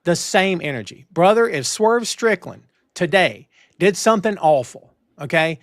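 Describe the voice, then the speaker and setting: A man hosting a wrestling news talk show, emphatic and animated, with lots of restarts. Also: high-pitched, moderate pace, no echo, studio quality. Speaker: podcast host. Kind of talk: casual wrestling news chat.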